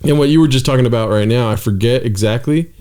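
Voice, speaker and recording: A man's voice: medium pitch, fast talker, dark tone. A man who is a comedian, a guest on a podcast, in laid-back casual chat full of "dude".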